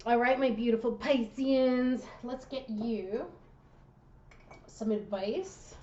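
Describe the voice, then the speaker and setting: A woman's voice: a little high, slow, a little mellow, highs cut off, a little hiss or hum. A woman tarot reader talking straight to her viewers, worked up and direct as she gives a reading.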